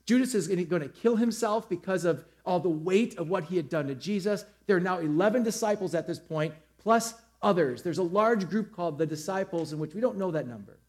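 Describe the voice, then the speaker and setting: A man preaching a lively sermon to a church, acting out the story's characters in quick voices. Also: high voice. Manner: animated, acts out scenes in character voices. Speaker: pastor. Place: church auditorium with a screen.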